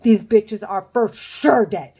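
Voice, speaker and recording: A woman's voice: mid-range voice, slow, warm tone, slightly rough. A woman at home speaking to her camera in an agitated monologue, angry and profane, often stopping and restarting her sentences. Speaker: vlogger.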